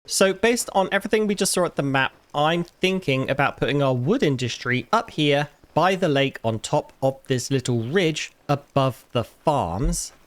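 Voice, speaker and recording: A man's voice: expressive, normal speed, few pauses, dry recording. Chatty man narrating his gameplay. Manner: chatty, talks to game characters, mock outrage in sudden high bursts. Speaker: gaming YouTuber. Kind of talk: casual gameplay commentary.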